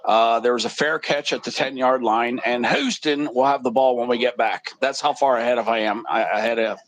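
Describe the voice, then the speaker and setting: A man's voice: mid-range voice, steady tone, brisk, no room sound, rough recording. A man co-commenting a football game in casual chat, telling stories in a rambling, laid-back way.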